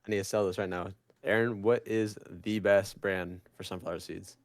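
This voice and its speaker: A man's voice: low voice, fairly even intonation, normal speed, dry recording, studio quality. A young adult man co-hosting a podcast, telling stories in a playful, giggly way. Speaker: podcast co-host. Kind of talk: casual podcast chat.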